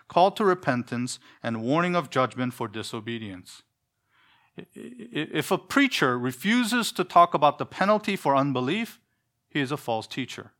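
A man's voice: medium pitch, a bit bright. A man preaching a sermon in an earnest, emphatic way, full of rhetorical questions.

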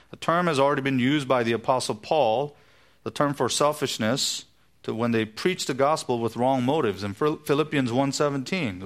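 A male pastor delivers a verse-by-verse sermon in a church. He is emphatic and teacherly, slowing down to stress key words and explain the grammar of the text. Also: mid-range voice, a bit bright. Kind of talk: expository sermon.

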